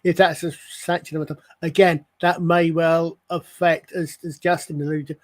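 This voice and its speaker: Guy co-hosting a stream, kinda high voice, rambles and restarts a lot. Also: flat delivery, normal speed. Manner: rambling, self-interrupting questions. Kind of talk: casual chat on a live stream.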